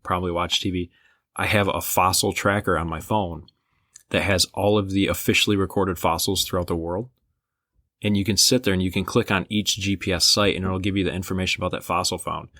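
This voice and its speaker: A man's voice: sits low, steady tone, fairly quick, pushed and bright, dry recording, clean studio sound. A young man from Michigan co-hosting a podcast, telling rambling stories with enthusiasm in casual chat. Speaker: podcast co-host. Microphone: podcast microphone.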